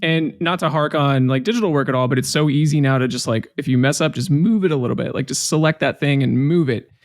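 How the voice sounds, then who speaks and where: A man's voice: a little high, fast, no echo, clean studio sound. A man co-hosting a podcast in casual chat, rambling and jokey, full of fillers and restarts. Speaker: podcast co-host.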